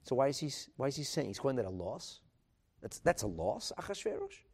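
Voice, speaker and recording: A man teaching a Talmud class, animated and emphatic, asking rhetorical questions and mixing in Hebrew terms. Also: mid-range voice, fairly quick, creaky, husky. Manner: mixes in Hebrew and Aramaic terms.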